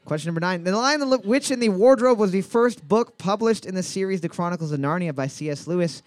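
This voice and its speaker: Joking man as bar trivia host, high voice, dry close sound, crude banter between questions. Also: lively intonation, dry recording. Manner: joking, irreverent, reads questions slowly. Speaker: trivia night quiz host.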